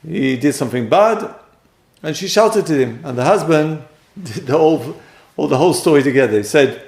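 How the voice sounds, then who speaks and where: Man, gravelly voice, echoey room, lecture on relationships. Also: fairly high pitch, animated, moderate pace. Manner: acts out quoted speakers with sudden loud jumps. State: voice a bit strained. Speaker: teacher.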